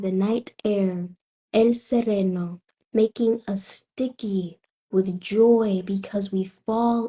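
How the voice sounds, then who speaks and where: A spoken word poet from Tampa, Florida, a woman with a Southern accent, delivering her lines in a slow, rhythmic way with weighty pauses. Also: mid-range voice, warm tone, husky. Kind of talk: spoken word poetry performance.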